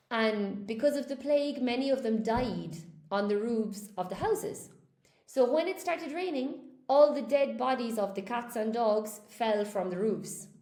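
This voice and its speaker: A woman's voice: a little high, warm tone. A woman English teacher giving a chatty, encouraging live lesson, talking straight to her viewers and reading out their comments. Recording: echoey room.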